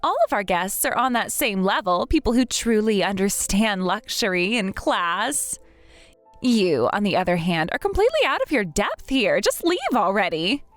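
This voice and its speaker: A woman's voice: medium pitch, sing-song, normal speed, no echo, soft background music, lightly acted. A woman voicing a snobbish, spoiled young bride in a text-message drama, with a sneering, condescending manner.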